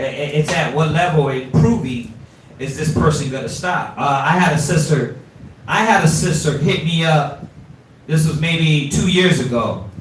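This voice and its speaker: A man teaching an informal scripture class, animated and streetwise, quizzing his students, recorded from afar in an echoey room. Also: on the high side, recorded from a distance, a little hiss or hum.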